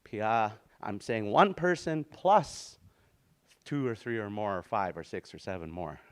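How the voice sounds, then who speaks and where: A man's voice: fairly low pitch, animated. Easygoing man teaching a language class. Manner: easygoing, repeats words slowly for practice, restarts often. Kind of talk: informal spoken language lesson.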